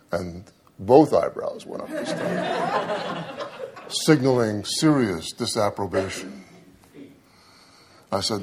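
A man's voice: lowish voice, slow, pauses often, slight background noise. A middle-aged man preaching a sermon, telling a humorous personal story with dry asides before turning to scripture. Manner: storytelling, animated when quoting himself, dry asides.

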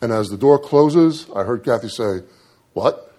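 A man's voice: mid-range voice, normal speed, very noisy. A middle-aged man preaching a sermon, telling a humorous personal story with dry asides before turning to scripture. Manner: storytelling, animated when quoting himself, dry asides.

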